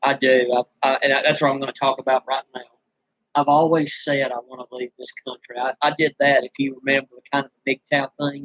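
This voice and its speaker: A man's voice: mid-range voice, fairly bright tone, no room sound, low-quality recording. Weary, bitter man venting, dry room. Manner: weary, bitter and rambling, with many restarts. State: dry-throated after screaming. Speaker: vlogger. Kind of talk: venting straight to camera.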